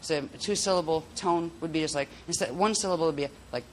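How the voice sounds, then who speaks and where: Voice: medium pitch, quick pace, a little hiss or hum. A workshop instructor giving a casual spoken lesson on vocal toning, talking in a rambling, chatty way with restarts, into a handheld mic.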